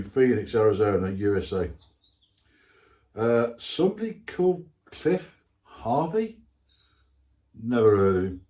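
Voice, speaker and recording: An older man with a lowish voice and a darkish tone hosts his hobby channel. He chats casually and reads viewer comments aloud, rambling and poking fun at himself with plenty of asides.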